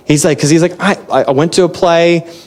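A man with a slightly high voice gives a relaxed, conversational sermon. He talks in a chatty way, interrupts and restarts himself, and laughs often. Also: brisk. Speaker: pastor.

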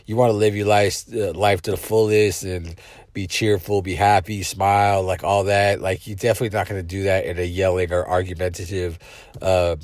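A man with a deep, low voice speaks in a blunt, swear-heavy, rambling monologue as a podcast host, leaning on fillers and restarts. The sound is dry and close, with no room echo. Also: little pitch movement, fairly quick, darkish tone. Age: adult parent. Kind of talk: casual monologue.

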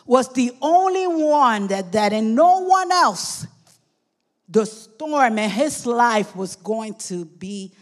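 A woman with a high voice preaches a sermon at an unhurried, deliberate pace. She presses her points with fervor, calls out to her congregation again and again, and now and then breaks into a shout. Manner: fervent, calls out "come on" and "amen" to the congregation, sometimes shouting.

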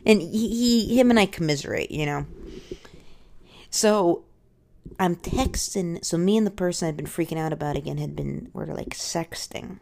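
Low gravelly woman telling crude stories. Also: normal speed, darkish tone. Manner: rambling, candid, crude, with self-interrupting asides. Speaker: stand-up comedian. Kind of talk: stand-up storytelling.

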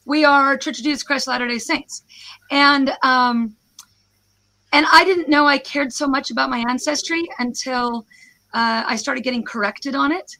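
A hoarse American woman, a professor, giving a snarky, self-deprecating presentation over a video call. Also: sits high, steady tone, moderate pace, sharp tone. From United States. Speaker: guest speaker, professor.

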